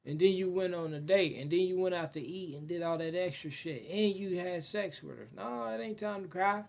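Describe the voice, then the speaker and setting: A man's voice: high-pitched, normal speed, gravelly, darkish tone. A young man reacting to a true crime video, swearing, mocking and talking back at the screen. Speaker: reaction streamer. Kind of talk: loud profane reaction commentary.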